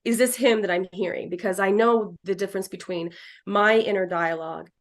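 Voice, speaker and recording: A woman talking as a psychic medium in a casual interview. She rambles through restarts and fillers and acts out quoted lines with animation. Her voice sits at a middle pitch. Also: steady tone, a little fast. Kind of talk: casual chat.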